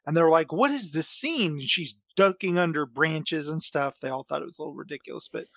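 A man co-hosting a podcast in casual chat, enthusiastic and quick to laugh. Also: fairly high pitch, a bit bright, no room sound, clean studio sound. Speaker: podcast co-host.

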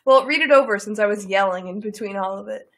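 A woman's voice: mid-range voice, quick pace. A woman co-hosting a podcast, who keeps interrupting with exasperated, bossy demands. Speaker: podcast co-host. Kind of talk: casual banter.

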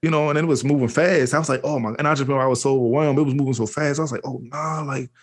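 Fast-talking man telling his story. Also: medium pitch, steady tone. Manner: fast, rambling, slangy, with frequent restarts. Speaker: interview guest. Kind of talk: candid personal storytelling.

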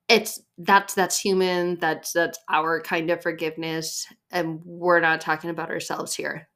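A young woman hosting a faith podcast, chatty and animated, a little short of breath from her pregnancy. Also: fairly low pitch. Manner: chatty, animated, acts out quoted voices. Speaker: podcast host.

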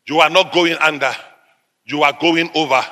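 A middle-aged man from Africa, preaching a sermon in emphatic, repeated declarations that burst into loud peaks. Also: on the high side, steady tone, moderate pace, long reverb tail.

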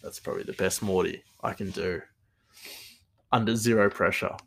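Creaky-voiced man rambling casually. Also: lowish voice, fairly even intonation, normal speed, fairly bright tone. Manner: rambling, many fillers, chuckling asides. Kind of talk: casual monologue.

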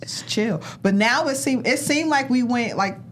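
A woman in her thirties telling slangy, animated stories in a casual group chat. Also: fairly high pitch, normal speed, a little hiss or hum.

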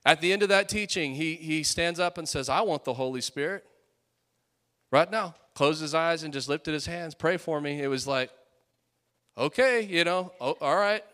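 A man in his late twenties preaching a sermon with fiery, rising peaks and quieter storytelling asides. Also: on the high side, normal speed. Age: late 20s.

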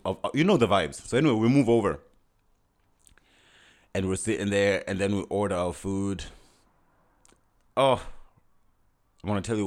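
A young man casually telling a personal story, animated and full of restarts and acted-out dialogue. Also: fairly low pitch.

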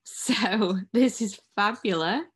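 A woman's voice: mid-range voice, breathy edge. Woman, podcast co-host, recording at home; rambling, laughing, casual chat. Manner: chatty, rambling, quick to laugh.

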